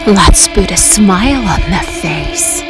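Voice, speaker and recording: A woman playing a scarred, unhinged male criminal clown, telling a tale in a slow, taunting way that sinks to a whisper. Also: mid-range voice, expressive, over loud music. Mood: menacing. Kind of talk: monologue performed at home.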